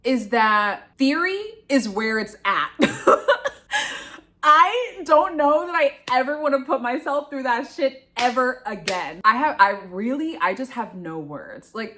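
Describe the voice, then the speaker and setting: A young woman telling a casual storytime vlog, animated and swearing, acting out what others said. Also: mid-range voice. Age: young adult. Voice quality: expressive, swearing, acts out voices of others. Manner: animated retelling, swings between loud and hushed. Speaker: vlogger, grad student.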